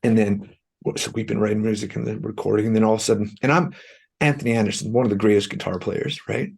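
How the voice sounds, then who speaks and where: A man from Canada with a low, gravelly, husky voice, telling stories as an interview guest. He talks in an animated way and acts out other people's lines as he goes. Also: fast. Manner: animated, acts out quoted dialogue. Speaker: musician guest. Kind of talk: storytelling interview talk.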